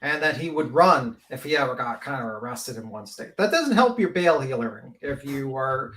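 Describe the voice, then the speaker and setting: A podcast co-host chats casually in a mid-range, fairly bright, expressive voice at a moderate pace. He sounds hesitant and uses many fillers.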